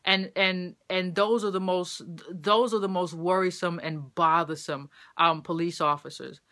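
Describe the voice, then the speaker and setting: A woman's voice: on the low side, steady tone, unhurried, bright, forceful tone. A woman giving impassioned opinion commentary, repeating phrases for emphasis.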